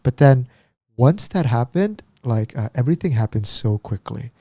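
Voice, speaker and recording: A man co-hosting a podcast, chatting casually and telling a story with lively acted-out quotes. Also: medium pitch, moderate pace, no room sound. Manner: animated storyteller, acts out quotes. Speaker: podcast co-host. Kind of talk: casual chat.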